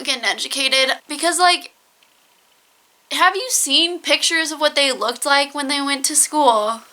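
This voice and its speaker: A woman's voice: fairly high pitch, creaky, sharp tone, poor audio. A young woman reading fan fiction aloud and mocking it with sarcastic, giggly asides full of "like" fillers. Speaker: YouTuber.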